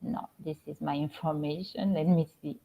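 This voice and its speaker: A middle-aged woman with a French accent, a spiritual coach hosting a casual live stream from home, talking gently with many halting restarts. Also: sits low, steady tone, creaky, slightly rough. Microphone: computer or phone camera on a live stream. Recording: slightly dull lo-fi stream audio.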